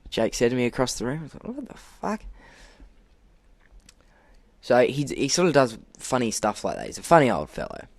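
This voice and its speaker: A young man telling an animated work story on a podcast, acting out quotes and laughing often. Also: mid-range voice, fast talker, hardly any pauses, no echo. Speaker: podcast co-host. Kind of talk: casual storytelling.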